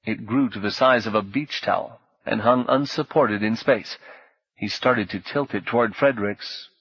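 A man reading audiobook narration in a measured, even storytelling manner. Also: on the low side, breathy edge, no echo. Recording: dull lo-fi dry audio.

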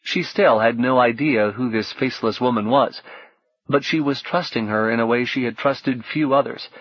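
A man reading a novel aloud in a soft, measured, low-key manner. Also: no room sound, muffled recording. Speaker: audiobook narrator. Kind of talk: scripted narration.

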